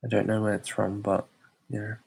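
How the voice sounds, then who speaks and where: A man's voice: lowish voice, flat delivery, fairly quick, vocal fry, darkish tone, breathy edge. A young Australian man chatting casually on a live stream, rambling and hesitant with many fillers.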